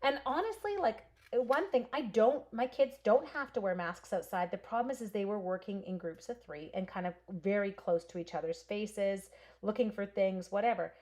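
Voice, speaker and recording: A woman's voice: medium pitch, moderate pace, a little mellow. A talkative woman in her forties from Canada, chatting through a live stamping session. She tells stories at length and answers viewers by name as she goes. Her voice sits in a middle register. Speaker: crafter and schoolteacher hosting a stamping stream. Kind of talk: casual live craft stream chat.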